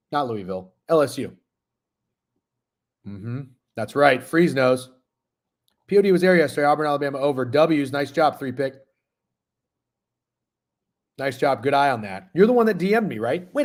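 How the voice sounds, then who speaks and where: A man in his thirties hosting a sports betting stream, chatting casually and profanely while reading chat messages. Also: medium pitch. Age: 30s. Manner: profane, rambling, talks with mouth full at times. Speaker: sports betting show host.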